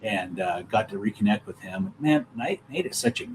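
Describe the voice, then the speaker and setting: A man's voice: lowish voice, lively intonation, normal speed, slight background noise. A man guest on a hunting podcast, telling rambling anecdotes in casual conversation over a remote call. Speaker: guest, elk hunting expert.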